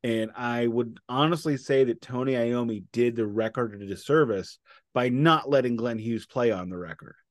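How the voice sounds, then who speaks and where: A man's voice: medium pitch, moderate pace, no room sound. Opinionated man, dry sound. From United States. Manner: opinionated, digressive, jokey. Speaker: podcast co-host. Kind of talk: casual music review chat.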